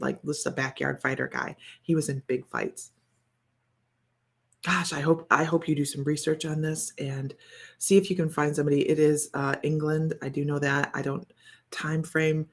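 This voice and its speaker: A woman's voice: low-pitched, slightly rough. A woman doing a casual psychic reading to camera, thinking aloud in a meandering, chatty way with many fillers and self-corrections. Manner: relays impressions in a wondering, chatty tone. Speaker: psychic reader.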